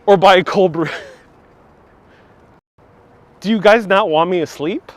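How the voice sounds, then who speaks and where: A man's voice: high-pitched, takes it slowly, dry recording. Chatty man hosting a street live stream. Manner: chatty, reads out and answers viewer comments, laughs often. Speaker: live-stream walking tour host. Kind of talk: casual live-stream chat. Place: city streets outdoors. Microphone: wireless clip-on mic with phone on gimbal.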